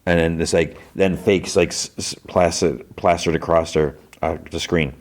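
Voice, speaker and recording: A man hosting a podcast, casually recapping TV episodes in quick quoted bits, with fillers and restarts. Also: low voice, fairly even intonation. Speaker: podcast host.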